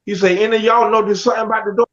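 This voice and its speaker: A man with a high voice tells his life story in a loose, animated way, acting out friends and teachers as he goes. His speech is casual and full of slang. The recording sounds dull and lo-fi. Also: very fast.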